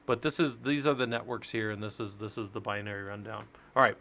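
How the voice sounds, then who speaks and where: A man's voice: fairly low pitch, steady tone, quick pace, pushed and bright, a little hiss or hum. A man teaching networking on a casual live stream, explaining step by step and joking with his viewers. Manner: chatty, explains step by step, jokes with chat. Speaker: live-stream Linux instructor.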